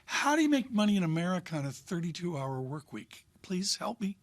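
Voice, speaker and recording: A man's voice: a little high, big pitch swings, fast talker, no echo. A man co-hosting a live market talk show, wry and jokey, rambling with restarts. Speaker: co-host.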